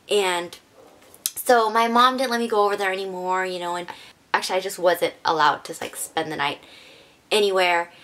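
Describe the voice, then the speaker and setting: Woman, vlogger, personal story, rambling, earnest, filler words, average pitch. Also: a bit bright. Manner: casual, rambling, heavy use of "like"; earnest, emotional. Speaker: beauty vlogger.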